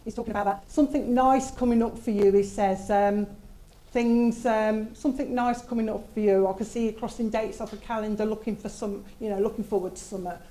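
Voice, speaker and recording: A woman's voice: medium pitch, fairly even intonation, fairly quick, dark tone, rough recording. A woman working as a medium, relaying messages from spirit in a chatty way with asides. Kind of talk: mediumship demonstration at a service.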